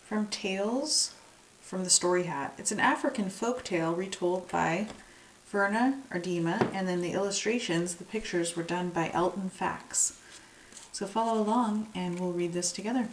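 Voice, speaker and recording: A woman teacher reading a folk tale picture book aloud to young children, in a slow, guiding storybook manner. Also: lowish voice, echoey room. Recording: distant mic with faint hiss.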